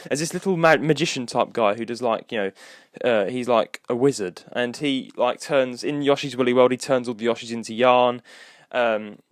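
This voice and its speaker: A young man, described as a podcast co-host, hosts a solo episode in a casual, rambling chat with many restarts and fillers. His medium-pitched voice moves at normal speed, in a dry recording with clean studio sound.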